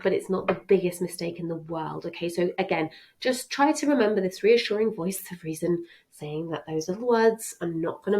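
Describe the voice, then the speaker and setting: A woman's voice: lowish voice, poor audio. A woman French teacher giving a chatty, reassuring exam revision lesson.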